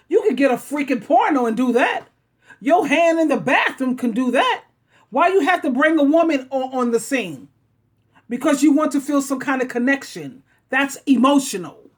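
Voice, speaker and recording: Blunt, sassy high-voiced woman host. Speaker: talk show host. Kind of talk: casual relationship talk.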